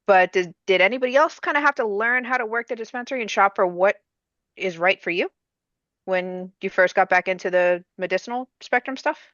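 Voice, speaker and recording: A woman's voice: mid-range voice, brisk, fairly bright tone, dry recording, dull audio. A woman hosting a podcast, bringing up a topic in a casual, musing and somewhat hesitant way. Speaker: podcast host. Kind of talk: casual chat.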